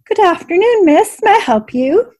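A woman's voice: extremely high pitch, expressive, moderate pace, darkish tone, pitched above the performer's own voice. A woman voicing an older woman innkeeper who speaks in a proper, precise way, in a storybook reading. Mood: gracious.

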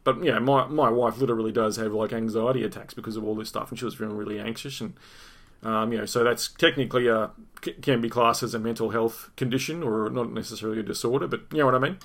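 A man's voice: mid-range voice, steady tone, quick pace, a bit bright. A middle-aged Australian man hosting a podcast, telling a story in a rambling, profane way, repeating words and restarting sentences. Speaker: podcast host. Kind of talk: casual storytelling monologue.

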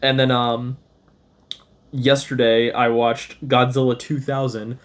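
Man, 30s, podcast co-host; loose rambling chat, average pitch, frequent laughs. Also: level tone, slow. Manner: rambling, laughs often, does goofy voices when retelling scenes. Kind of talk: casual chat.

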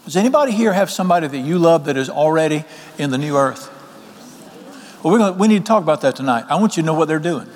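A man, preaching an evening sermon in a folksy, animated way and asking the congregation questions. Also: fairly high pitch, fast talker. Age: 60s. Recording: long hall reverb.

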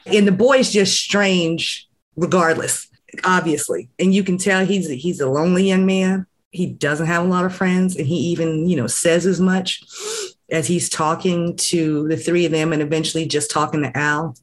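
A speaker with a voice of middle pitch chats casually on a podcast and recaps a story in a relaxed, running way. The talk is full of "um," "like" and small restarts. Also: moderate pace. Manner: chatty, recapping an episode with fillers and restarts. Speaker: podcast co-host or guest.

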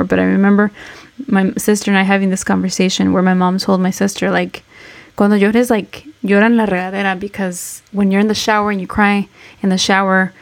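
A woman in her thirties chats as a podcast co-host. Her voice has a gravelly, creaky edge. She talks in a halting, reflective way and slips between English and Spanish mid-sentence. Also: medium pitch. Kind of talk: casual chat.

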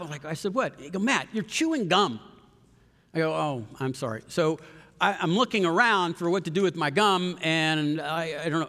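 A man preaching a sermon, telling a story with sudden loud rises and soft, hushed passages. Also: on the high side. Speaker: pastor. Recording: long hall reverb.

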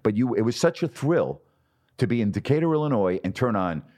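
Animated middle-aged man telling stories. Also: mid-range voice, brisk. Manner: animated storyteller, acts out quotes. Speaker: guest, sports broadcaster. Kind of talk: storytelling in a podcast interview.

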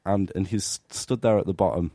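A man's voice: low-pitched, normal speed, warm tone, no echo, clean studio sound. A man co-hosting a podcast, telling self-mocking stories in a rambling way with many restarts. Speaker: podcast co-host. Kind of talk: casual comedic chat.

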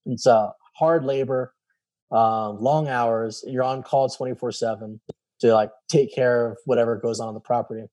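A man tells a personal story in a relaxed, dark-toned voice at a mid pitch. He slips into quoted dialogue, often acting out the other speakers, and fills the gaps with "like" and "I was like.". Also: moderate pace. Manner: animated, acts out quoted dialogue; many fillers and repeated "I was like". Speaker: guest telling his story. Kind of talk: casual storytelling.

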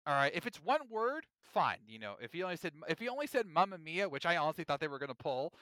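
A high, lively man's voice, bright and crisp, sounding off on a podcast. He talks in an emphatic, animated way, stacking up his points. The sound is dry and close. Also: fast talker, no room sound. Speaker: podcast co-host. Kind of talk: casual chat.

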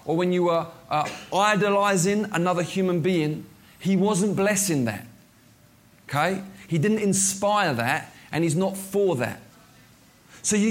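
High-voiced casual preacher. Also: male voice. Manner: conversational preaching with frequent fillers and restarts. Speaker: pastor. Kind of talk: sermon.

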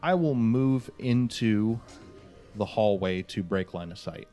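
A man's voice: lowish voice, expressive, takes it slowly, dark tone, faint music behind. A man playing a tabletop game, casually declaring moves and adding up rolls. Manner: casual, counts rolls aloud. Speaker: player.

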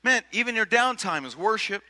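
A man preaches in a high, very bright, ringing voice, leaning on rhetorical questions and repeating himself as he goes. His sermon comes across casual and conversational. A long reverb trails off each phrase in the big hall. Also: lively intonation, a little fast. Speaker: pastor.

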